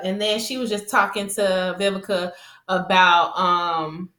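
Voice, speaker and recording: A woman casually recapping a TV episode, chatty and rambling, with frequent laughs and animated retelling. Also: mid-range voice, reverberant.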